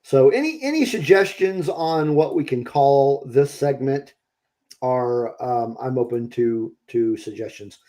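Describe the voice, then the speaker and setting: A man's voice: mid-range voice, lively intonation, a little slow, dark tone. A man co-hosting a live-streamed podcast in casual chat, hesitant, with many ums and restarts. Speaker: podcast co-host.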